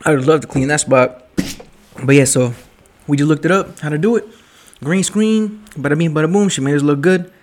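Sipping a drink late at night, this young vlogger spins a casual, profane story packed with jokes and slang like "yo" and "bruh." He talks a little fast in a higher-pitched voice, with slight background noise.

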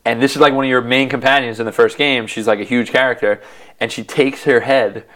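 A man's voice: mid-range voice, fairly even intonation, fairly bright tone. A man in casual chat, telling a video game's story with enthusiasm and acting out characters' lines. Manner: enthusiastic storytelling, acts out lines in quick voices.

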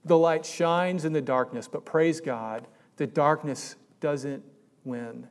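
A man's voice: fairly high pitch, takes it slowly. A man preaching a sermon in a conversational way that rises to emphatic peaks. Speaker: pastor.

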